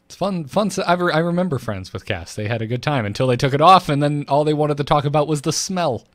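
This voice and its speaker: A man's voice: on the high side, expressive, fast, a bit bright, dry recording. Playful young man, dry close sound. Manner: playful, jumps into silly voices and jokes. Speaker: podcast co-host. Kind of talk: casual podcast chat.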